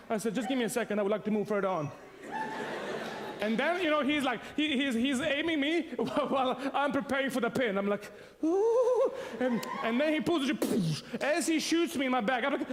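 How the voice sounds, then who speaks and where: High-voiced preacher in a reverberant hall. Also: male voice. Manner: animated storyteller, laughs often, acts out sounds and voices. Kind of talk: sermon with a humorous personal story.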